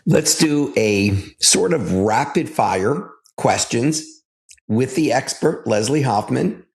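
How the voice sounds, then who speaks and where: A man's voice: mid-range voice, expressive, slow. A man hosting a health show, chatting with his guest in a friendly way, agreeing with her and asking questions. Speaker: doctor, show host. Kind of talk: casual interview talk.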